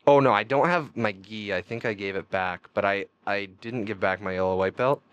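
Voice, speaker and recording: A man's voice: normal speed, clean tone, dry recording, highs cut off. A man, a podcast guest telling rambling stories in casual chat with frequent laughs. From Canada. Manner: animated, rambling storytelling with frequent laughs and pitch jumps.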